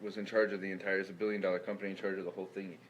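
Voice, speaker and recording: A man's voice: low voice, level tone, rapid-fire, slight background noise, poor audio. A man hosting a casual interview, telling anecdotes and tagging phrases with "right?". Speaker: host.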